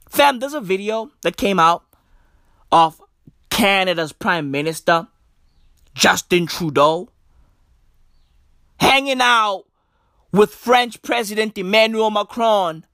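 A young man with delivering a profane, animated comedic rant full of mocking asides and put-on voices. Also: high voice, no room sound, clean studio sound. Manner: animated, profane slang-heavy ranting with mock impressions. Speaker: comedic commentator.

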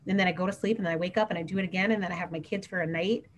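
A woman's voice: fairly low pitch, fairly even intonation, very fast, slight background noise. A woman who works as a teacher, chatting earnestly on a podcast and talking in long run-on stretches. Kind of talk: casual podcast chat.

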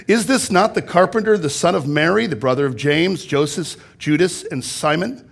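A male pastor with a fairly high voice preaches to his congregation in a church. He reads scripture aloud, then unpacks it and drives points home with emphatic repetition. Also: lively intonation, normal speed, gravelly, few pauses, slightly rough. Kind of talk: sermon. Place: church sanctuary.

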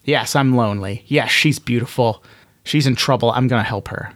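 A man's voice: mid-range voice, normal speed, no room sound, natural voice. Guy doing an earnest lonely diplomat, a bit flustered, dry close sound.

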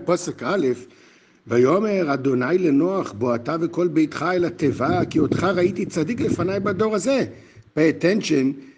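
A man giving a lively Torah lesson, asking rhetorical questions and restarting his sentences often. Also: high-pitched. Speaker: yeshiva teacher. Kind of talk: Torah lesson on the weekly portion.

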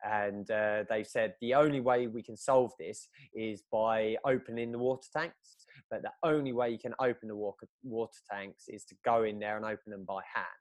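A man's voice: on the low side, fairly even intonation, moderate pace, no echo. Rambling man, close and dry. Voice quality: rambling storyteller, many fillers and restarts. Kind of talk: casual chat.

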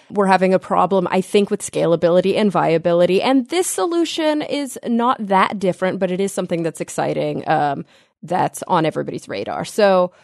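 A woman's voice: lowish voice, vocal fry, a little mellow, no echo, clean studio sound. A young woman co-hosting a science podcast, chatty and upbeat as she explains things. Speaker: podcast co-host. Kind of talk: casual science podcast chat. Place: home, remote call.

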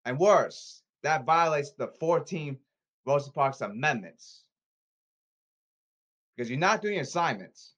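A man's voice: a little high, expressive, measured pace, pauses often, fairly bright tone. A man delivering an angry, repetitive rant, scolding and demanding, often stumbling over his words.

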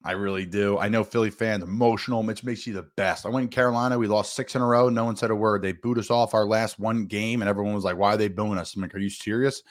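A man who once played pro football, talking as a guest on a sports radio show and stressing his points with big jumps in pitch. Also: steady tone, quick pace, few pauses. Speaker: guest, former NFL player. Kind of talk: casual sports radio talk.

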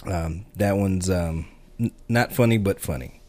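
A man's voice: low-pitched, unhurried, darkish tone. A man co-hosting a filmmaking podcast, chatting casually and rambling with many restarts and fillers. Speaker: podcast co-host. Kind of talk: casual film chat.

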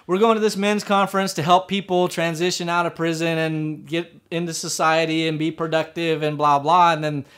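A man's voice: on the high side, flat delivery, moderate pace, hardly any pauses, a bit bright, smooth. A man casually telling a personal story about riding motorcycles, rambling with many fillers and restarts.

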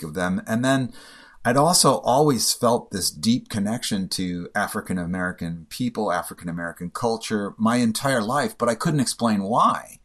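A man telling a personal story in a halting, emotional way, often stumbling and repeating himself. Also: lowish voice, a bit bright.

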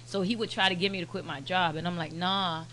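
A woman guest in casual podcast chat, telling animated stories and quoting the people in them. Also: on the low side, a little fast, slight background noise. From United States, Haitian family. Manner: animated storyteller, quotes people in their own voices. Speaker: podcast guest, media brand owner.

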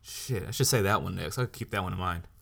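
A low-pitched man hosts a solo podcast, ranting loosely and bluntly with swear words in nearly every sentence. His gravelly, slightly bright voice moves fairly quickly, completely unfiltered.

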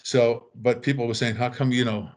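A man's voice: mid-range voice, moderate pace. An older man telling casual anecdotes, acting out the voices of the people in them. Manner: animated, acts out quoted voices. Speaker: storyteller guest.

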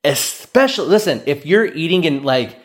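A man's voice: medium pitch, normal speed. A young man hosting his own podcast, telling comic stories in a rambling, self-mocking way and acting out what people said. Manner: rambling, animated, self-mocking, acts out quotes. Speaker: podcast host. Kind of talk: solo comedic storytelling podcast. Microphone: cheap podcast microphone.

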